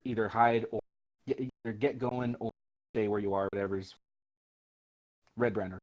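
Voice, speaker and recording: A man taking part as a player in a tabletop game, talking relaxed with stammering repeats. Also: fairly low pitch, moderate pace, lo-fi sound.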